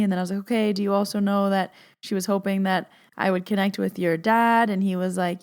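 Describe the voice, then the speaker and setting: A woman's voice: mid-range voice, a little fast. A young woman, a podcast host and medium, casually telling a story in a chatty way, filling her talk with "like". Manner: chatty, says "like" constantly, animated retelling.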